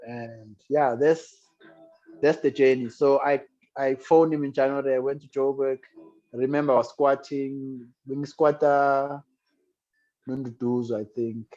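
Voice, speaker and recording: A man's voice: mid-range voice, steady tone, unhurried, a little mellow, soft background music. A man with a South African accent, a guest musician telling his story in an interview in a reflective, earnest way. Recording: dull lo-fi sound.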